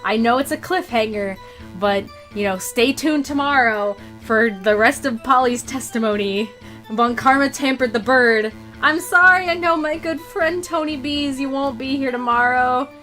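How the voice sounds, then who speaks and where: A woman's voice: sits high, normal speed, pushed and bright. A woman game streamer chatting casually, exhausted and apologetic, swearing freely. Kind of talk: casual livestream chat. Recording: music playing behind.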